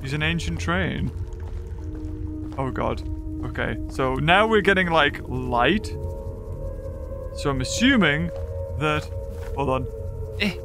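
A man playing a horror game and commenting on it, excitable, often gasping and laughing and reading in-game notes aloud. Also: fairly high pitch. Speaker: gaming YouTuber. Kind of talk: let's play commentary.

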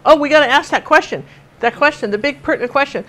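An older woman from Washington State leads a live painting lesson. Her voice sits a little high, and she chats and laughs through stories as she paints. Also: quick pace, crowd noise, poor audio. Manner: chatty, laughing, tells stories while painting. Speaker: painting teacher.

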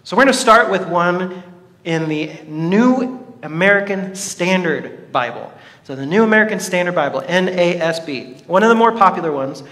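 A male pastor gives an animated, joking sermon to the congregation, speaking at a moderate pace. His voice is high-pitched with a fairly bright tone. The church hall setting makes the recording reverberant.

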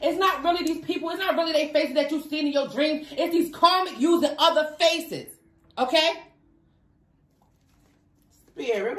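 A woman's voice: sits high, moderate pace, reverberant. A woman giving a spoken tarot reading, repeating herself emphatically and talking to Spirit and the viewer. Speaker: tarot reader.

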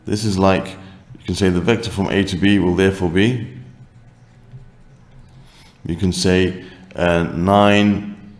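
A man working through a maths problem aloud as a teacher, thinking out loud with frequent okays and self-corrections. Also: low-pitched, little pitch movement, slow pace, long pauses, echoey room. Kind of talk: worked-example maths tutorial.

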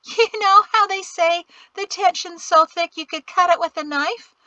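A cheerful middle-aged mother who talks brightly and rambles on when flustered, read by a woman for an audiobook. Her voice sits high and clear, and the recording is dry. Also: very animated, unhurried, no room sound, highs cut off, full character voice.

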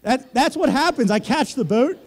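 A man's voice: very high-pitched, lively intonation, moderate pace. A young man from Pennsylvania preaching a sermon, telling a joking, self-deprecating story to the church. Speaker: pastor.

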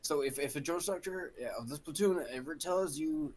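A man on a podcast telling boot camp stories in casual chat, acting out shouting drill instructors. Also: on the high side, fairly quick, a little hiss or hum.

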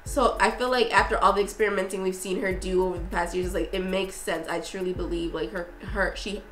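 A young woman vlogging in a casual, effusive way, talking excitedly with lots of fillers and restarts. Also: fairly low pitch, a little fast, echoey room, slight background noise, rough recording. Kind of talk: casual review vlog.

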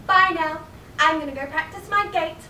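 A woman plays a prim, condescending know-it-all girl with a very high, bright voice. The sound comes from a camera far back in an echoey theatre. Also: normal speed, a little hiss or hum, exaggerated voice. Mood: snooty. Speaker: stage actor. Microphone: far camera in audience.

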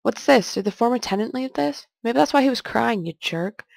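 Gravelly-voiced woman narrating a game. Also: on the high side, animated, brisk, darkish tone, dry recording. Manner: jokey, chatty, talks to herself. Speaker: let's play host. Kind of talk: casual gameplay commentary, reading game text aloud.

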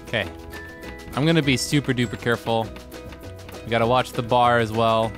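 A young man co-playing a game, making jokey, teasing commentary that bursts into shouts. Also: medium pitch, steady tone, brisk, long pauses, faint music behind. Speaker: guest co-player. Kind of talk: casual gameplay commentary.

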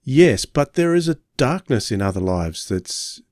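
A man with a medium-pitched voice co-hosts a podcast. He is eager and frank about his opinions. The sound is dry and close. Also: big pitch swings, unhurried, a little mellow, no room sound. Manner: enthusiastic, frank about his likes and dislikes. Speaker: podcast co-host. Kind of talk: casual chat.

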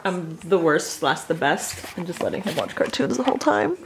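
A woman's voice: on the low side, big pitch swings, moderate pace, creaky, noisy background. A young woman from the United States vlogging her day in casual chat, tired but upbeat and self-mocking, talking to a handheld camera. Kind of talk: casual daily vlog.

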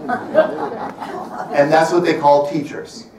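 A man in his fifties giving a public talk in a library, telling wry travel stories and slowing down to stress his points. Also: a little high, big pitch swings, gravelly, over a noisy crowd, very noisy. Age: 50s. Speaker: presenter. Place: library event room. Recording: roomy sound from a distant mic.

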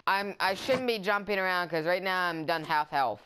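A woman's voice: fairly low pitch, normal speed, clear, resonant tone. A woman from West Virginia with a Southern US accent, chatting casually and teasingly while gaming over a headset. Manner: relaxed, teasing, giggly.

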